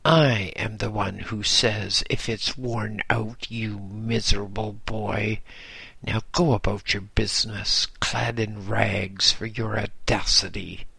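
A man's voice: fairly low pitch, level tone, slow pace, creaky, pushed and bright, husky, no echo, heavily acted. A man voicing an irritable older male monk in charge of the young acolytes, bawling and scolding one moment and falsely kind the next. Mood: bellowing.

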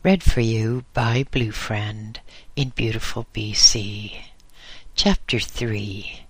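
A man reading an audiobook aloud in a slow, deliberate way. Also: lowish voice, slightly rough, no echo. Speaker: audiobook reader. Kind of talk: audiobook narration.

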